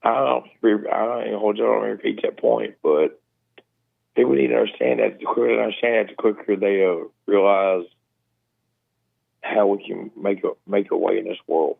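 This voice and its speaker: A man with a Southern accent calling in, mumbling and talking fast in casual chat. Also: lowish voice, steady tone, gravelly. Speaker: caller. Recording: tinny phone line.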